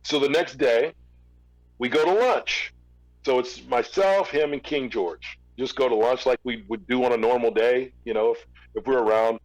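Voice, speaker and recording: A man's voice: mid-range voice, moderate pace, highs cut off. A man, a former record label executive, telling a long story in a casual interview, with fillers and restarts.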